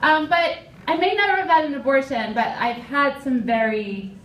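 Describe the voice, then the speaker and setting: A woman's voice: sits high, normal speed, fairly bright tone, far from the mic, slight background noise. A young woman from Philadelphia performing a stand-up comedy set in a dry, self-deprecating manner. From Philadelphia, USA. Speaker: stand-up comic. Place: comedy club stage. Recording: echoey club, mic from afar.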